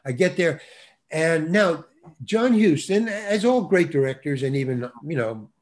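An older man spins a story with a voice that sits a bit high and leaps up and down as he talks. He jumps into the voices of the people in his tale and laughs along the way. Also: animated, unhurried. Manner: acts out quoted voices, laughs often. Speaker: actor guest. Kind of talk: animated storytelling.

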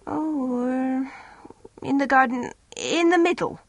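A woman's voice: sits high, slow, no echo, voice pushed up. A woman voicing a vague, reluctant village housewife who speaks hesitantly.

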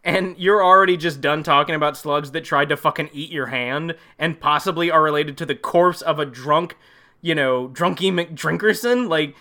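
Sarcastic podcast guy riffing on a movie, swears a lot, highish bright voice. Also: normal speed. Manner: sarcastic, rambling, swears freely. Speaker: podcast host.

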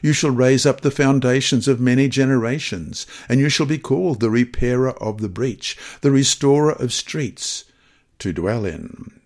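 A man reading scripture passages, study questions and a mission story aloud in a measured, expressive manner. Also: medium pitch. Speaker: devotional reader.

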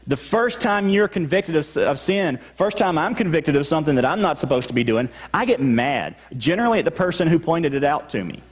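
Man, Texan accent, pastor, conversational sermon, slightly high voice, long church reverb. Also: sing-song, fairly quick, few pauses, breathy edge. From Texas. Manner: conversational, acts out listeners' replies. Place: church sanctuary.

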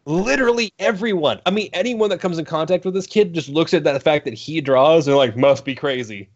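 A man's voice: fairly high pitch, fairly quick. A man in casual podcast chat, ranting animatedly and swearing, slipping into mocking voices. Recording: dull lo-fi sound.

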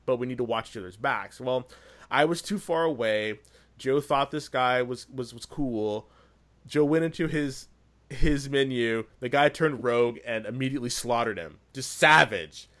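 Excitable rambling man telling a story. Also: medium pitch. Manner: rambling, excitable, with frequent restarts. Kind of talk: casual storytelling about a video game.

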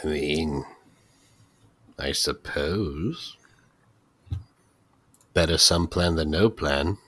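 A man playing a tabletop game, talking in a dry, low-key way. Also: drawn-out words, fairly bright tone, slightly rough, no echo. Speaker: player. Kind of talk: casual chat.

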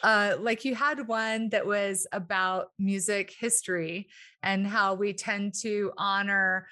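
Bright-voiced woman, eager podcast host, lively storyteller. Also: mid-range voice, takes it slowly. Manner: enthusiastic, animated storyteller, laughs often. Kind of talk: casual interview conversation.

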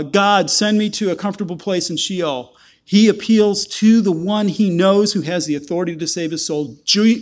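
High-voiced preaching man. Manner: conversational, with asides and humor. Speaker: pastor. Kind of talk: sermon.

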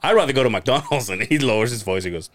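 A man's voice: medium pitch, expressive, fast, a bit bright. Rambling guy telling work stories. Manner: rambling anecdotes, acts out quoted dialogue, profane. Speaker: podcast co-host. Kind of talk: casual storytelling chat.

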